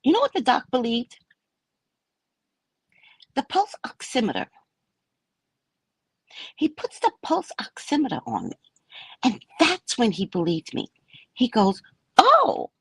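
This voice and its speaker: Brief: lively storyteller woman, husky, swings her pitch widely, slips into whispery pleading. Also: unhurried, long pauses, dry recording. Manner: animated, acts out pleading in a whispery voice. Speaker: host and psychic reader. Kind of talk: casual storytelling to a live audience.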